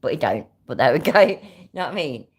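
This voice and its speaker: A woman's voice: low-pitched, big pitch swings, quick pace, darkish tone, breathy edge. A woman with a British accent giving sarcastic, sweary casual reaction commentary. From Britain. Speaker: reaction vlogger.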